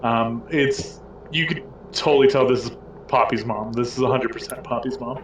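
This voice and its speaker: A man's voice: mid-range voice, fairly even intonation, normal speed, a little hiss or hum. Casual male game master, loose and rambling, echoey room, far mic. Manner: loose and rambling, many fillers. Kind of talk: casual tabletop game narration.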